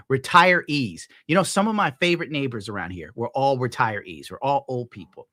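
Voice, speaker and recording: A man ranting casually on his stream at home, swearing, laughing often and scolding his dog loudly between points. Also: medium pitch, expressive, moderate pace, no room sound, studio quality. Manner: profane, rambling, laughs often. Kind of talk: casual rant on a live stream.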